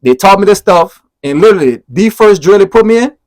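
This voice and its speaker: A man in his thirties telling stories as a podcast guest, animated and profane, rambling through anecdotes. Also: sits high, fairly quick. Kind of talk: casual storytelling.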